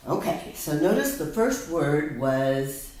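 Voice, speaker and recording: Her voice very deep yet swinging widely in pitch, a tutor gently coaxes a student through a one-on-one reading lesson, slowing down to model each word. The mic is at a distance in an echoey room, and a faint hiss is audible.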